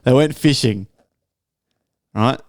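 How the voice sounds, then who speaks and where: A man's voice: medium pitch, takes it slowly, no room sound, studio quality. Profane Australian man telling a story. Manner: profane, animated storytelling with heavy slang. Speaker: podcast co-host. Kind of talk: casual chat.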